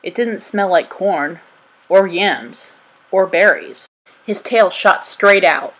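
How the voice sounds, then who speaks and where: Storybook reader, woman, husky, lower-pitched voice, even narration. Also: takes it slowly, poor audio. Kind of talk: storybook read-aloud.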